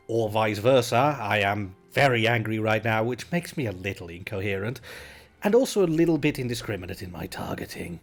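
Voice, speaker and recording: A man's voice: lowish voice, lively intonation, a little fast. Sarcastic man streaming a game. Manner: sarcastic, profane, loudly exasperated. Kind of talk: game let's play commentary. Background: game music.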